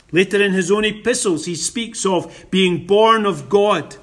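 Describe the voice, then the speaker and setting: A man preaching a sermon, quoting scripture and stressing his points with slow emphasis. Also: high-pitched, a bit bright.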